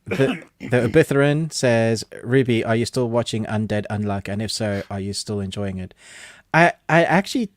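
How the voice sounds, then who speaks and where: A man's voice: medium pitch, moderate pace, no echo, studio quality. A man co-hosting a podcast, chatting enthusiastically and reading out viewer comments. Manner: chatty and enthusiastic, with frequent laughs. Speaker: podcast co-host.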